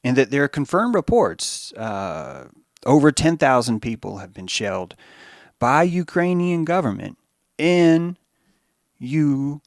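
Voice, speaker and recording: A man riffs through a podcast monologue, his pitch leaping up and down as he rambles and curses. The sound is dry and close, with no room around him. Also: unhurried, vocal fry, dry recording. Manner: profane, animated and rambling. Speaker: podcast host. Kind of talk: monologue commentary.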